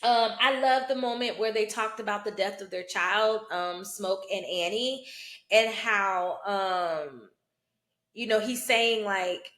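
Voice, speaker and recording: A woman's voice: medium pitch, takes it slowly, a bit bright, roomy sound. A woman who practices root work, giving a casual spoken commentary on a film, checking in often with "you know" and "right?". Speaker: hoodoo root worker and vlogger.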